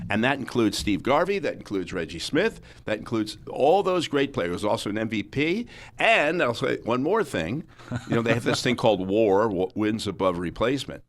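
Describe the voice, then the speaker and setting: A man from Miami hosting a radio sports talk show, telling lively anecdotes and acting out voices. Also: mid-range voice, a little hiss or hum. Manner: animated, acts out quoted voices. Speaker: radio host and actor.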